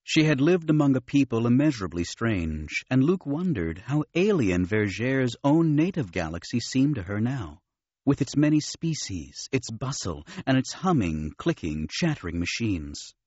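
A man narrating an audiobook with steady, expressive storytelling. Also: medium pitch, normal speed, dry recording. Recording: dull, dry studio recording.

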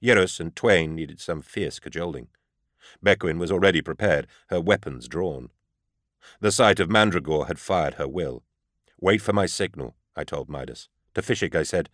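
A man reading a first-person story aloud in a grave, measured storytelling manner. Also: deep voice, a bit bright, no room sound, clean studio sound. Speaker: audiobook narrator. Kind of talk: first-person scripted narration.

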